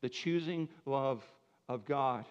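A man preaching a sermon as pastor, conversational and emphatic, moving between soft, quiet phrases and louder, raised ones. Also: medium pitch, slow pace, clean tone, big-room sound, dull audio.

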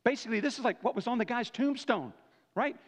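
In a church sanctuary, a pastor with a very high voice preaches animatedly and quickly, keeping the sermon casual and conversational. He checks in with the congregation by asking "right?" again and again, and the recording is a dull, lo-fi church-hall capture.

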